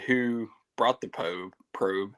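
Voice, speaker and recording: A man's voice: on the low side, slow, fairly bright tone, rough recording. A man co-hosting a podcast, teasing his friends and laughing often. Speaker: podcast co-host. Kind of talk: casual chat.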